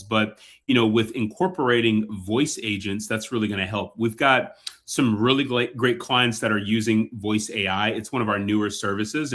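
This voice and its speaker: Chatty low-voiced male webinar presenter. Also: fairly bright tone. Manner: loose and chatty, many fillers and repeats. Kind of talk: casual sales webinar presentation.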